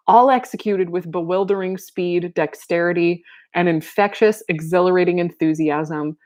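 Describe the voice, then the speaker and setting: A young woman reading a book aloud and breaking off into casual, laughing commentary and exclamations. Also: fairly low pitch. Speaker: reader and commentator.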